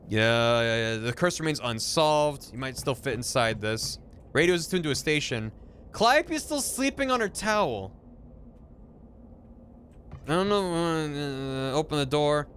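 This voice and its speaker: A man's voice: fairly high pitch, sing-song, moderate pace, a bit bright, a little hiss or hum. A man streaming a game, reading its text aloud in a playful, jokey way.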